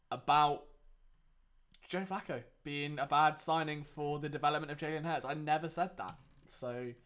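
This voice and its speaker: A young man talks through a live game as he watches, sarcastic and exasperated. He swings from loud outbursts to low mutters. His speaking voice sits fairly high for a man. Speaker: sports watchalong host.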